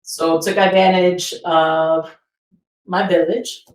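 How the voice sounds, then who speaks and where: A woman's voice: on the low side, flat delivery, takes it slowly, recorded from a distance. Chatty woman, echoey room, a bit off-mic. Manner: chatty, swears casually, laughs easily. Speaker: podcast co-host. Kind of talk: casual chat.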